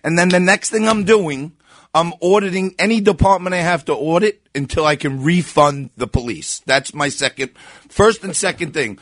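A man, a candidate guesting on a radio show, making a blunt, forceful campaign pitch. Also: normal speed, no room sound, clean studio sound.

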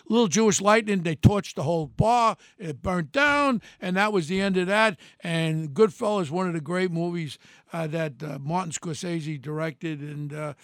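A man hosts his podcast in a rambling, emphatic monologue that hurts feelings and doesn't much care. His voice sits high with a gravelly grain. The sound is dry and close, with no room around it. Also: no echo. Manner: blunt, emphatic, outspoken. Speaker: podcast host.

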